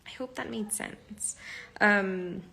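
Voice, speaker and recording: A woman's voice: mid-range voice, takes it slowly, gravelly, bright, forceful tone, slight background noise. Chatty woman hosting a live stream. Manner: chatty, lots of fillers and "like". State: sleep deprived. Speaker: podcast host. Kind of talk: casual live-stream talk.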